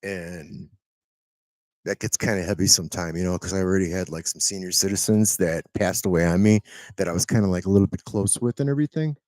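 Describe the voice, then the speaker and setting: A middle-aged man talks at home in an earnest, rambling way, leaning on fillers and tag questions. His voice sits fairly low. The sound is dry and close, with no room echo. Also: brisk, a little mellow. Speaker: medical transport driver. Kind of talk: casual storytelling to camera.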